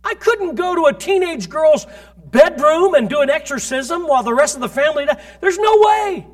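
A man preaching as a pastor, telling stories from his ministry with emphatic delivery that rises to loud peaks. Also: very high-pitched, lively intonation, moderate pace. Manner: storytelling, recounting ministry experiences. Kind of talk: sermon.

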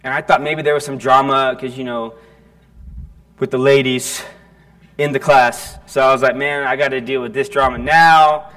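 With a steady, fairly bright mid-range voice, a male pastor delivers a story-filled sermon at church. He talks conversationally, stopping and restarting frequently and putting questions to the congregation.

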